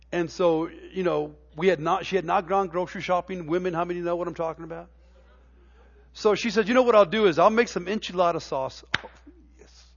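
In a church sanctuary, a middle-aged male pastor delivers a sermon, shifting from folksy, stammering stories into emphatic preaching. His voice is high for a man with a gravelly edge, and the recording is somewhat dull and lo-fi.

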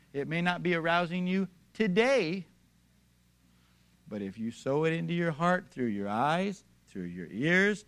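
A man's voice: fairly high pitch, fairly bright tone. A man preaching a sermon, emphatic and building to raised declarations, addressing his congregation directly. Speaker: pastor.

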